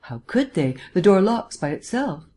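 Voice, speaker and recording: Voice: mid-range voice, very animated, moderate pace, warm tone, voice pushed up, natural voice. An audiobook reader voicing an anxious, deferential middle-aged female housekeeper who answers plainly. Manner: nervous, deferential, plain-spoken. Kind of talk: audiobook reading.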